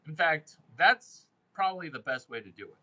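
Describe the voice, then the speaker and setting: A man's voice: on the high side, very animated, moderate pace, pushed and bright, low-quality recording. A man hosting a casual monologue, brash and crude, who repeats phrases for emphasis. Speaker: host giving dating and sales advice.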